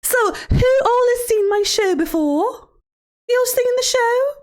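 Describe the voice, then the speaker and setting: A woman's voice: very high voice, expressive, a little slow. A woman streamer playing a creepy, sing-song female children's show host who sounds sweet and then swears, in a livestream role-play. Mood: mock-sweet. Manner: sing-song, mock-sweet, sudden profane outbursts.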